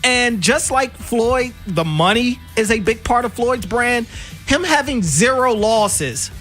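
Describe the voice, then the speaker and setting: A high-pitched man with a Baltimore accent talks sports on the radio in animated, emphatic bursts, full of quick asides. Faint music plays under his voice in the studio. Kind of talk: casual sports radio banter.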